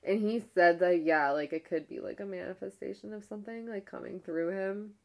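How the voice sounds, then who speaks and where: A woman's voice: mid-range voice, brisk, vocal fry. A young woman casually retelling a ghost-hunting episode. She uses "like" constantly and often restarts her sentences. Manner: rambling, heavy use of "like", frequent restarts; retells a ghost-hunt episode with a hushed, animated tone. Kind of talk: casual storytelling.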